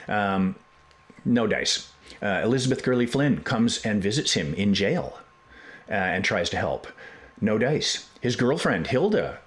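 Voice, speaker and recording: A man hosting a podcast, telling a history story in a casual, animated way with profane jokes and digressions. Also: fairly low pitch. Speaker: podcast host.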